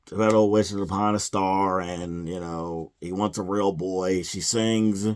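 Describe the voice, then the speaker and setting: Exasperated man ranting in a low voice. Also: fairly even intonation, a little slow, a little mellow. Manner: exasperated, sighing, mimics characters in mumbling voices. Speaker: movie reviewer. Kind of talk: casual ranting recap.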